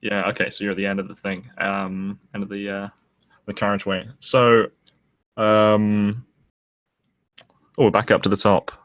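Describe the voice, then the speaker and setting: Low-pitched male game master, laid-back. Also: little pitch movement, normal speed, long pauses, a bit bright. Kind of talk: running a tabletop game.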